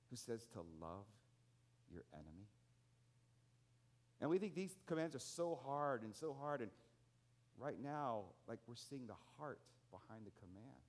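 A man preaching a sermon in a conversational way, telling personal stories and asking his listeners rhetorical questions with a frequent "right?". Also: mid-range voice. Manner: tells personal stories with restarts and rising emphasis. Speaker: pastor.

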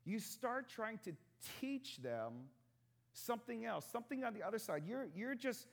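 Male pastor, 30s, lively sermon voice with big pitch swings, chatty and joking with the crowd. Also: normal speed, vocal fry. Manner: conversational, joking with the congregation.

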